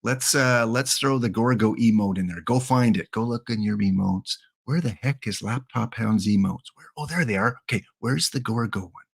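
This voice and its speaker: A man's voice: fairly low pitch, normal speed, vocal fry, hardly any pauses, breathy edge. Rambling jokey Canadian man streaming. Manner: rambling, jokey, talks to chat. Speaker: game streamer. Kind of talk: casual live-stream chat.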